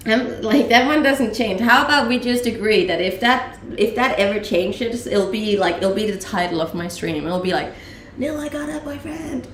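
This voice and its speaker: A young Danish woman with a medium-pitched, fairly bright voice talks at normal speed with few pauses, casually answering questions from her live-stream viewers. She laughs frequently and uses lots of fillers. Slight background noise, room echo, and a mic a little far off are present.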